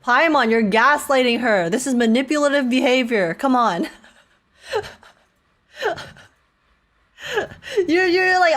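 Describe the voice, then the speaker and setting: A woman's voice: high-pitched, expressive, takes it slowly, long pauses, fairly bright tone. A young woman from Canada chatting and laughing often while live-streaming a game. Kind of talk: live gameplay chat.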